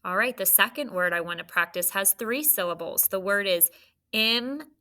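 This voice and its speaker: A woman's voice: mid-range voice, normal speed, pushed and bright. A woman teaching a phonics lesson to young children, patient and encouraging as she sounds out letters and syllables. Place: classroom.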